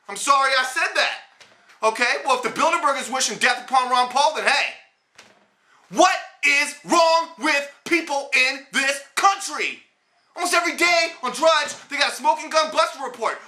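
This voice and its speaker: A man's voice: extremely high pitch, bright, forceful tone. Male host for a ranting political vlog, blunt and sarcastic, recorded in a roomy, echoey space. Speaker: host of a political commentary show.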